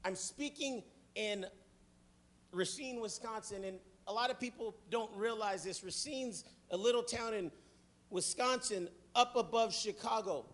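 A middle-aged man preaching a fervent sermon, often rising to shouts and then dropping low.

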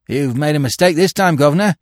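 A man's voice: low voice, wildly swooping pitch, unhurried, vocal fry, dry recording, studio quality, pitched below the performer's own voice, heavily acted. A man voicing a cheeky young pickpocket who exclaims and protests with feigned cheer and indignation. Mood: indignant.

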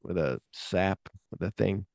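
Dark-voiced man retelling film scenes. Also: low voice, unhurried, creaky, dry recording, clean studio sound. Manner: animated retelling, acts out scenes and hums music cues; swears casually. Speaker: podcast co-host. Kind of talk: casual film discussion.

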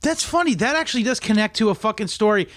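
A young man with a high voice hosts a casual podcast. He tells rambling stories full of swearing and breaks into laughs mid-sentence. The sound is dry and close. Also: expressive, fast, a bit bright, dry recording. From south of Boston, USA. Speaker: podcast host.

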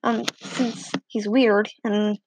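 A teenage girl telling a story in a chatty, animated way, acting out the other people's lines with different voices. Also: mid-range voice, slow, noisy background. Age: teens. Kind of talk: casual storytelling.

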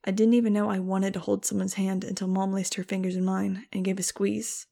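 A woman's voice: medium pitch, flat delivery, a little fast, gravelly, dark tone. A woman reading a first-person audiobook in a wry, casual storytelling manner. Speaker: audiobook narrator.

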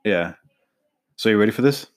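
A man's voice: on the low side, moderate pace. A man hosting a podcast, chatting casually and acting out quoted lines as he retells scenes. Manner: animated retelling, acts out quotes. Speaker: podcast host. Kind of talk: casual chat.

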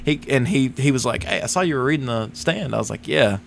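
A man's voice: mid-range voice, quick pace, vocal fry, a little hiss or hum. A young man co-hosting a podcast, telling a work story in casual chat, swearing freely and acting out what others said. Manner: animated storytelling, casual swearing, acts out quotes. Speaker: podcast co-host.

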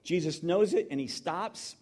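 A man's voice: on the high side, unhurried, darkish tone. A middle-aged man preaching in a conversational, emotional storytelling manner, full of restarts. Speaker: pastor. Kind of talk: sermon.

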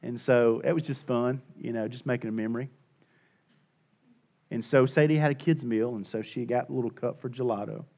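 A middle-aged male pastor preaching a sermon, swinging between hushed and loud and repeating his points for emphasis. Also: mid-range voice, steady tone, a little fast, gravelly.

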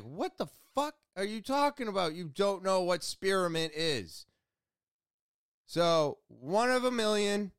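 A married man vlogging a casual, rambling recap of his week, telling stories with many fillers and animated quoted exchanges. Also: mid-range voice, smooth, no echo, clean studio sound.

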